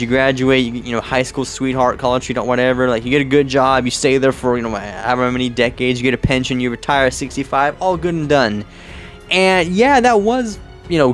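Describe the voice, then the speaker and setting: A young man casually talking through a movie and what it means to him, rambling with many "like"s, "you know"s and restarts. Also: mid-range voice. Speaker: vlogger. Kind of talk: casual movie commentary vlog.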